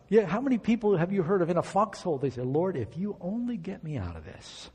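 A male preacher delivers a sermon, reading verses and acting out the prayers he quotes. His voice sits a little high and sounds soft and mellow. It is heard with a long hall reverb behind it. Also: sing-song, fast, hardly any pauses, husky. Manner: reads scripture aloud and acts out quoted prayers.

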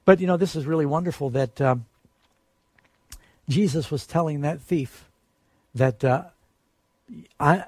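A man's voice: on the high side, unhurried, long pauses, a little mellow, dry recording. A man preaching a sermon in an earnest way, lifting his voice to stress the quoted promises.

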